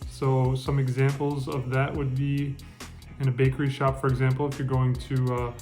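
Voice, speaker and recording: Relaxed man teaching with many pauses. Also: mid-range voice, soft background music. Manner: relaxed, many ums and restarts. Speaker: French language teacher. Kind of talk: casual spoken lesson. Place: lives in France.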